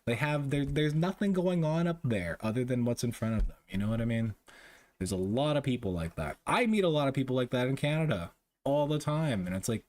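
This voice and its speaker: A man holds a loose, casual chat with his viewers. He rants freely and swears constantly, breaking into laughter often. His voice sits at an everyday middle pitch. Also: expressive, brisk, darkish tone. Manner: profane, ranting, laughs often. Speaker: streamer chatting with viewers.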